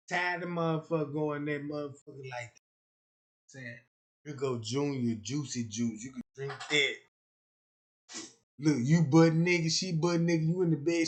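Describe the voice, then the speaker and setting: A man's voice: a little high, a bit bright. Rambling man on a crude livestream rant. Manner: rambling and boastful, with frequent "you know what I'm talking about".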